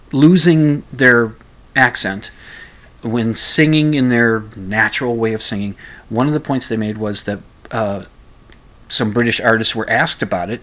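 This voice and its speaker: A man's voice: medium pitch, fairly bright tone. A man hosting his own show, chatting casually and rambling about music with fumbling restarts and self-mocking asides. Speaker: show host.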